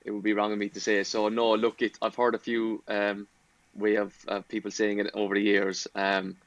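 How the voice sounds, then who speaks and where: Man, 30s, low voice, relaxed footballer guest. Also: normal speed, dry recording, muffled recording. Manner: laid-back, laughs easily, hesitant. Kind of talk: casual podcast chat.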